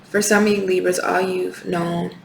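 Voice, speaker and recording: A woman's voice: lowish voice, level tone, moderate pace, gravelly. A woman doing a tarot reading, speaking with passion, repeating rhetorical questions and swearing now and then. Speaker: tarot reader. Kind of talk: spiritual tarot reading to camera. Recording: echoey room with faint background noise.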